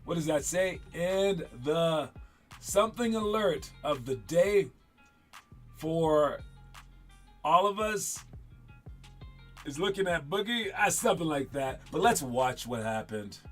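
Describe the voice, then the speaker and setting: A man's voice: on the high side, lively intonation, slow pace, long pauses, fairly bright tone. Male host, stutters, rambly casual commentary, faint music underneath. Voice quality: stutters, repeats words. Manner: rambling, wanders off mid-thought. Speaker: podcast host.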